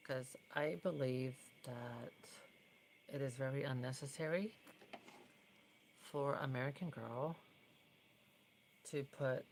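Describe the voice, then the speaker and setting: A woman's voice: extremely low pitch, slight background noise, poor audio. A woman talking casually as she works on a doll, chatty and opinionated, sometimes dropping to a whisper. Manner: chatty, opinionated, drifts between soft whispers and fuller speech. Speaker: doll customizer vlogger. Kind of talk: casual tutorial vlog.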